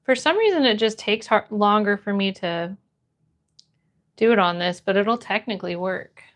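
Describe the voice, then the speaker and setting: A young woman chatting casually on a live stream, reading chat aloud and greeting viewers with bright, bubbly hellos. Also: mid-range voice, moderate pace.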